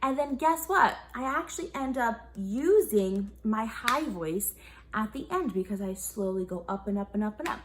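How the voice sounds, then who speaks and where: A woman's voice: on the high side, lively intonation, normal speed. A young woman teaching a children's music class, upbeat and encouraging, often asking the kids questions. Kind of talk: online kids' music lesson.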